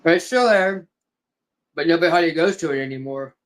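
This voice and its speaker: Man, fairly high pitch, casual chat, matter-of-fact. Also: a little fast.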